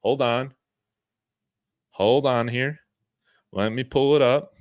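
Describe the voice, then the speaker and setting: Hosting a sports channel's live stream, this man speaks slowly in a mid-range voice, with studio-quality sound and no echo. He's laid-back and rambling, reading viewer messages with frequent fillers and little chuckles.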